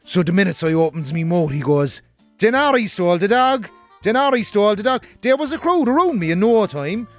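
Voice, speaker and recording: A man's voice: sits high, animated, fairly quick, hardly any pauses, soft background music. A man with a Cork accent playing a brash young northside letter-writer, telling his story broadly and cheekily. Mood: cheeky. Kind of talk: comic radio letter reading.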